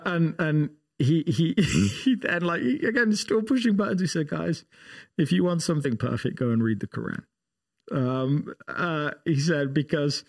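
A man's voice: medium pitch, darkish tone. Man telling stories with many restarts. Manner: storytelling, many restarts and fillers. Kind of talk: casual faith discussion.

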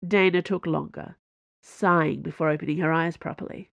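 A woman narrating an audiobook in an even storytelling manner. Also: low voice, normal speed, vocal fry, no room sound. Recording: dull lo-fi dry recording.

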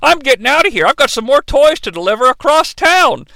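A man voicing a rude, gruff old male toymaker who swears and shouts. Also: very high-pitched, very animated, fairly quick, no echo, pitched above the performer's own voice, full character voice.

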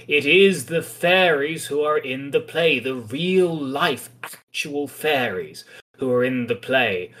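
A man's voice: on the high side, fairly bright tone. A man hosting a podcast, talking through a comic in a chatty, thoughtful and mildly wry way. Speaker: podcast host. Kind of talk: casual podcast discussion.

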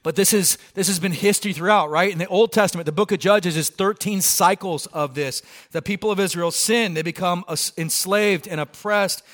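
A man's voice: high voice, brisk, few pauses. A male pastor preaching a sermon in a casual, conversational way, acting out the people in the story. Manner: conversational, acts out quoted lines with lively voices.

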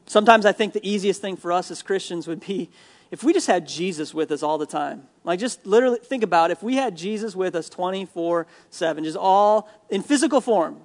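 A man's voice: high voice, brisk. A young adult man preaching a sermon in a casual, conversational way, with humor and frequent restarts. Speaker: pastor.

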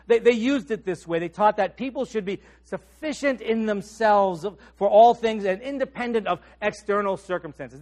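A middle-aged male pastor delivers a sermon in a notably high voice. He lets his phrase endings drop quiet and low. His questions rise and carry more push. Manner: trails off soft and low at phrase ends, rises on questions.

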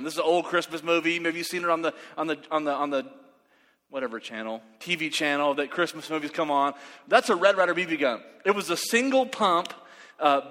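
Man, preacher, bright forceful voice, animated storytelling, echoing hall. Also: a little high. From West Texas. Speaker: pastor. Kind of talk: sermon with storytelling. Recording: reverberant hall.

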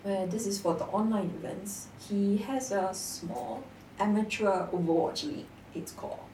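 A young woman talks casually and tells her stories with animated energy. She sits back from the microphone in an echoey room. A faint hiss runs under her voice. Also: medium pitch, moderate pace. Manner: animated storytelling, laughs often. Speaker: guest. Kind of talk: casual chat. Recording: echoey room, distant mic, faint noise.

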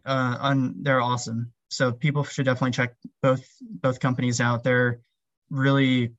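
A man of ordinary pitch talks casually as a podcast guest, rambling and filling his sentences with "um" and "like." The sound is a little dull and muffled, with a dry, close feel. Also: level tone, moderate pace, no echo. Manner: rambling, heavy with fillers like "um" and "like". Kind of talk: casual interview chat.

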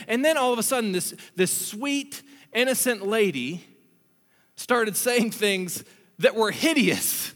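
High bright-voiced preacher in echoing hall. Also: male voice, measured pace. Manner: conversational storytelling, animated asides. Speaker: pastor. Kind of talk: sermon. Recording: long hall reverb.

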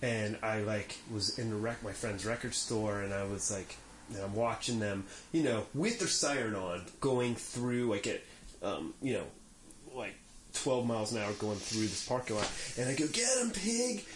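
A man's voice: fairly low pitch, normal speed. A middle-aged man chatting casually on a podcast, telling a rambling story full of fillers. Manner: rambling anecdotes with many fillers. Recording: roomy mic sound, faint room noise.

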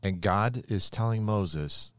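A middle-aged man hosting a podcast, telling a Bible story in a lively way and acting out the quoted lines. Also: on the low side, slow pace, no room sound. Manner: animated storyteller who acts out the quoted lines. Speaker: podcast host. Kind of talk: casual Bible storytelling chat.

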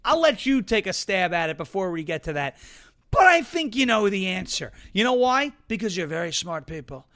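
Male live-stream host: high, bright, brash, mocking, restless topic-hopper. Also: sing-song, normal speed. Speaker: show host. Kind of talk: live political commentary stream.

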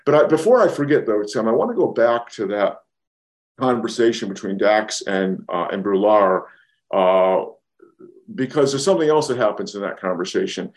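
A man's voice: lowish voice, lively intonation, normal speed. A man co-hosting a podcast, talking through a film in a thoughtful way and often restarting sentences as he builds his point. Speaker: podcast co-host. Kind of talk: casual film discussion.

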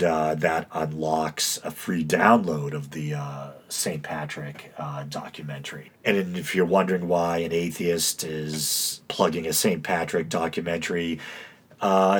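A man's voice: rumbling low, husky. A man with a droning, stuffy-nosed East Coast accent hosting a casual solo podcast, dry and self-mocking, with many uhs. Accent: East Coast American. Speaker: podcast host.

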